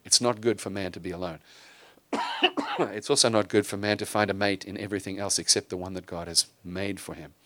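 Low-voiced guy preaching, earnest, gets emphatic, close dry sound. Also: a bit bright, no echo. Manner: earnest, rising to emphatic bursts, with frequent restarts. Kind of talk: sermon.

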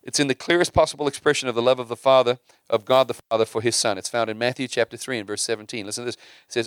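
Man preaching, smooth full voice, restarts his words, goes soft then loud, dry sound. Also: medium pitch, fairly even intonation, very fast, hardly any pauses, dry recording. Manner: repeats and restarts words, swings from hushed to emphatic. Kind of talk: sermon.

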